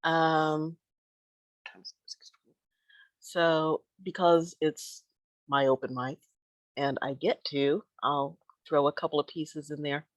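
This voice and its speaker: Woman host, low and unhurried, hesitant, dry close sound. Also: fairly even intonation, dry recording. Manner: hesitant, slow with fillers. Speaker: open mic host. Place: online open mic, video call.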